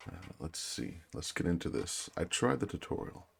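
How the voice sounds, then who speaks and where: Brief: a low-voiced man narrating a war game, deliberate reading, gravelly texture. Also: lively intonation. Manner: slow, deliberate reading, apologetic chatty asides. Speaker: gamer. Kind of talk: reading a story game aloud with asides.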